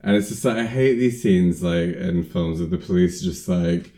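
A man talking through a film's plot in casual chat, full of ums and likes. His voice is very low and mellow. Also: normal speed, hardly any pauses. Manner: rambling, lots of fillers. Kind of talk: casual film recap chat.

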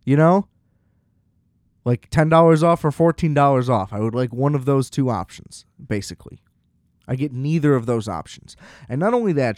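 A man's voice: mid-range voice, lively intonation, normal speed, a little mellow, dry recording, clean studio sound. A young man ranting in a casual, exasperated and profane monologue as a podcast host.

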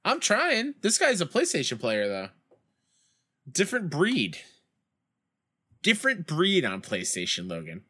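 A young man chats casually through a baseball game stream, his voice bright and forward. His pitch swings widely, jumping up into shouts when a play goes wrong, and he drifts into rambling stories between at-bats. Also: huge pitch swings, unhurried, long pauses, slightly rough. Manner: reads chat aloud and tells rambling school stories. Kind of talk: casual gaming stream chat.

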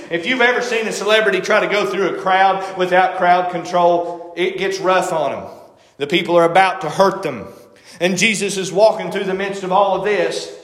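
A man's voice: sits high, a bit bright. A man preaching a sermon in a conversational way, stopping to act out the voices of people he quotes. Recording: echoey hall with long reverb.

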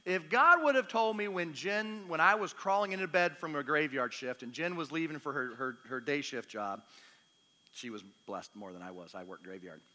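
Bright-voiced man preaching in reverberant hall. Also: fairly high pitch, expressive, moderate pace. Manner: chatty, self-deprecating, humorous, acts out dialogue. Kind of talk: storytelling sermon. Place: church meeting hall.

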